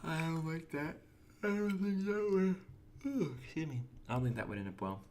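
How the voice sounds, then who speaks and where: A man's voice: on the high side, lively intonation, normal speed, a little mellow. A young man chatting casually while streaming a game, reading and answering chat and often restarting his words. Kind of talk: casual gameplay commentary.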